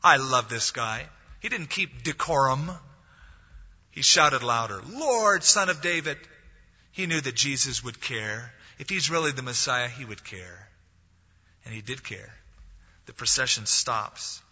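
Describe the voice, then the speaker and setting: A pastor preaches a sermon in an unhurried, husky voice of medium pitch with a sharp tone. He tells a story and acts out the voices of its characters, and the recording is dull lo-fi audio with long hall reverb.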